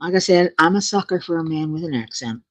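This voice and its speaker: A woman's voice: low voice, animated, quick pace. A woman hosting her own channel, chatting casually with viewers, laughing often in a playful way. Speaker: channel host.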